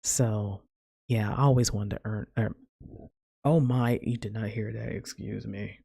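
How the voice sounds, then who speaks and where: Podcast host, woman, low gravelly husky voice, rambling casual chat, dry close mic. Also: fairly even intonation, a little slow, warm tone, no echo. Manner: rambling, chatty, peppered with "like" and "man".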